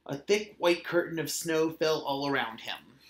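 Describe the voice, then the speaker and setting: A man reading a children's picture book aloud in a gentle, measured way. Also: on the high side. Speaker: storyteller. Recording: roomy echo.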